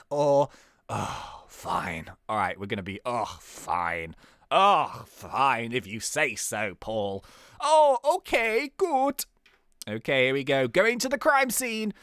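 A man's voice: huge pitch swings, a little slow, fairly bright tone, dry recording. Goofy young guy narrating his gameplay, voice jumping all over, dry sound. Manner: playful, jokey, laughs at own jokes, wildly swinging pitch. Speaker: gaming YouTuber. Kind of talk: casual gameplay commentary.

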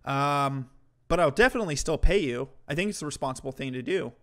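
Dude with a slightly high voice ranting on stream, swearing a lot, sarcastic and heated. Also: male voice, animated, fairly quick, fairly bright tone. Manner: heated, profane, mocking. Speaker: streamer commentator. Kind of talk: ranting commentary to a live chat.

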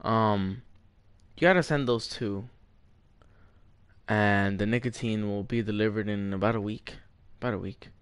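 Slow, dry-voiced man trolling in game chat. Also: on the low side, clean tone, no echo. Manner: playful trolling, mock-serious storytelling, drawn-out name calls. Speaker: gamer. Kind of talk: joking voice chat while playing a game.

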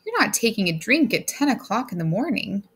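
A woman's voice: fairly high pitch, very animated, fairly quick, a bit bright, breathy edge, heavily acted. A woman voicing an anxious wife who pleads with her husband in a raised, distressed voice. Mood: pleading.

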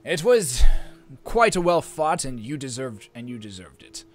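A man voicing a gruff, proud chieftain of fur-clad northern hunters, giving booming commands in a tabletop game. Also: sing-song, normal speed, soft background music, lightly acted. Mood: grudging.

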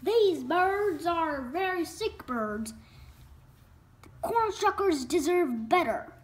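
A woman voicing a boastful male football coach in a storybook reading, slow and loud. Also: very high-pitched, animated, heavily acted. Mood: alarmed.

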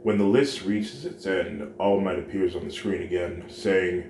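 A man with a very deep voice reads a fan-made story at an unhurried pace. The recording sounds roomy, with clear background noise under him. He speaks every character in his own plain voice. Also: a little mellow. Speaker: fan fiction narrator. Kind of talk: slow scripted story reading.

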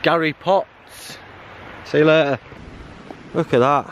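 Slow, chatty middle-aged hiker man. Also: a little high, steady tone, a little hiss or hum. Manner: chatty, jokey, laughs often. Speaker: solo hiker vlogging. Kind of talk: casual talk to camera. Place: outdoors on a hiking trail, later inside a bothy.

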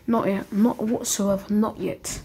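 A woman's voice: mid-range voice, level tone, unhurried, mellow, husky. A woman voicing an insistent adult ninja father who keeps repeating himself. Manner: repetitive, insistent.

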